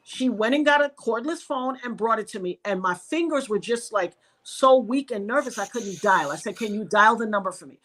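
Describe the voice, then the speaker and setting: A woman's voice: normal speed, few pauses. A woman from New York, a podcast guest, telling an emotional personal story and acting out the voices of the people in it. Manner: animated, reenacts dialogue with sharp pitch jumps.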